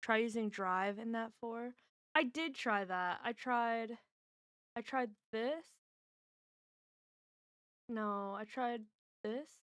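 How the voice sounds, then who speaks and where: A woman with a slightly high voice chats her way through word puzzles on a home stream. She speaks slowly and thinks out loud, trying guesses and teasing the others. The sound is close and dry. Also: clean tone, dry recording. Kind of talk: casual chat while solving word puzzles.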